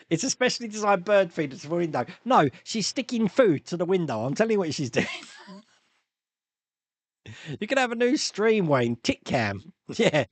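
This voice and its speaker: A man's voice: high voice, no echo. A man hosting a live stream, chatting casually and rambling through viewer comments with frequent laughs and restarts.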